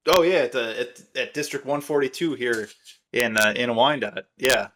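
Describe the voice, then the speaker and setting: A man's voice: mid-range voice, normal speed, fairly bright tone. Rambling man telling casual stories. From Michigan. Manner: rambling storyteller, many fillers. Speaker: podcast host. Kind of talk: casual chat.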